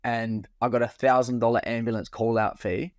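Brief: young guy, podcast co-host, mid-pitch, swears freely, acts out the lines of his story, dry close sound. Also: normal speed, no echo. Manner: swearing, animated storyteller acting out dialogue. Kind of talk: casual storytelling chat.

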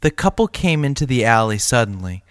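A male teacher reading a short story aloud to his class in a steady, plain way. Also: medium pitch, a little fast, dry recording, clean studio sound.

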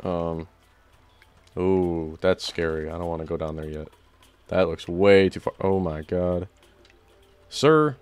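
A young man giving excited let's-play commentary, often jumping into loud, high-pitched outbursts. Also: slow, pauses often, smooth. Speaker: gaming YouTuber.

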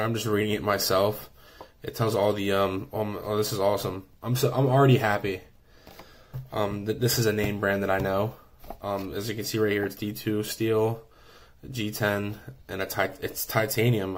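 Man with a low voice, casual vlogger reviewing a knife, eager and rambling. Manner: enthusiastic, rambling with many fillers.

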